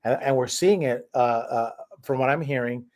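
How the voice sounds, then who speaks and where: A man hosting a casual streamed discussion, his speech rambling and full of restarts. He talks at a middle pitch and keeps circling back to build on his point. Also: moderate pace, darkish tone. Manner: rambling, with many restarts and fillers. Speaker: host.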